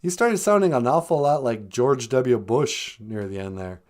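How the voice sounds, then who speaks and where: A man hosting a comedy podcast, talking in a loose, sardonic way and laughing at his own jokes. His pitch is lively and varied, rising and falling as he banters. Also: moderate pace. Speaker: podcast host.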